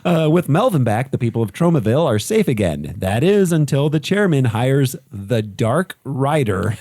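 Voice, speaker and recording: A man's voice: medium pitch, very animated, normal speed, dark tone, dry recording. A man co-hosting a podcast, laughing often and jumping in to move the film recap along. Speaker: podcast co-host. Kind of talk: casual chat.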